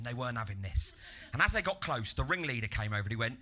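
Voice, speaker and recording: Bright, animated stand-up comedian. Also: male voice, mid-range voice, quick pace. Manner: deadpan setups that burst into loud, ranting act-outs. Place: comedy club stage.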